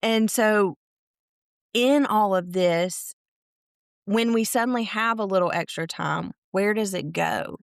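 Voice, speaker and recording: A woman's voice: medium pitch, slow, creaky, no echo, clean studio sound. A woman, co-hosting a faith podcast, telling a personal story earnestly in casual chat. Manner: earnest, acts out quotes of others. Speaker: podcast co-host.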